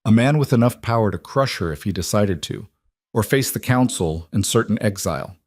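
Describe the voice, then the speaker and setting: Low-voiced man narrating a story. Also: no echo, studio quality. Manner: even, measured storytelling.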